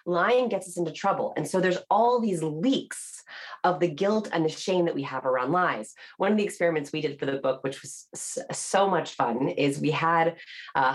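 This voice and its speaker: A woman with a low-pitched voice talks through research as an interview guest. She explains briskly and with animated emphasis, often slipping into playful quoted voices to show an example. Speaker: author and body language researcher. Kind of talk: podcast interview.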